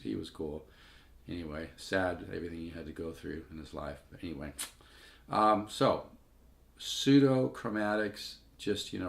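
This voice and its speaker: A man's voice: rumbling low, vocal fry, a bit bright. An older man giving a casual guitar lesson, rambling and conversational, with asides between his own playing. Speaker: guitar teacher.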